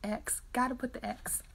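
A middle-aged woman hosts an early-morning Bible livestream, chatting with viewers as they type comments. Her slightly high voice has a gravelly fry, and she laughs easily. A faint hiss sits under the recording. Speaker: host of a daily Bible reading livestream. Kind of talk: casual chat with live viewers.

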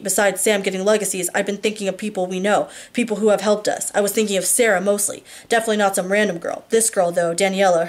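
A woman narrating a first-person novel at a mid pitch. She reads steadily, with small slips and restarts now and then. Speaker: audiobook reader.

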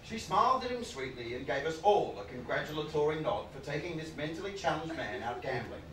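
Brief: man doing stand-up storytelling, fairly high voice, noisy distant room recording. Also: a little fast, reverberant. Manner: animated, punchy delivery with sudden loud outbursts. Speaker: comedian.

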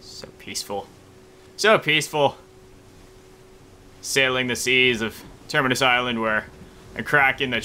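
A mid-range male voice, pushed and bright, carries casual gameplay commentary from a gaming YouTuber who is tired early in the morning. He rambles, jokes, and adds sing-song asides, with a little hiss or hum in the background.

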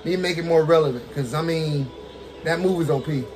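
A man casually commentating his own fighting game match, excitable, talking to the characters on screen and laughing often. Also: fairly high pitch, a little fast. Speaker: gaming streamer.

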